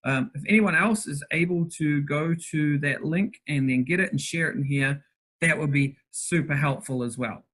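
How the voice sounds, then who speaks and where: Upbeat, fast-talking man hosting online. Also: a little high, fairly bright tone. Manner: fast-talking, upbeat, addresses chat participants by name. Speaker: workshop host. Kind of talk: interactive online workshop. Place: bedroom at home. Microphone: video call.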